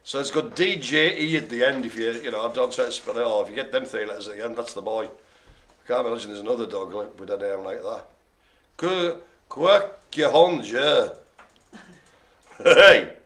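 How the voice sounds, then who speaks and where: Calling a live-streamed bingo game, this host speaks in a lowish, fairly bright voice at a brisk clip. He cracks puns, laughs often, and wanders off into chatty asides.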